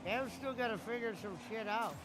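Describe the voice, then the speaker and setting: A man's voice: high-pitched, normal speed. A man from Ohio co-hosting a casual chat in a laid-back way and laughing easily. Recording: noisy background hiss.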